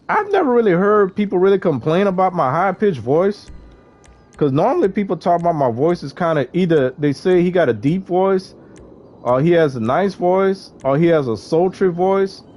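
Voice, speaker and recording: A man's voice: on the high side, darkish tone, slight background noise. A man, streaming a game and chatting casually with viewers in a laid-back way. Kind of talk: casual gameplay livestream chat.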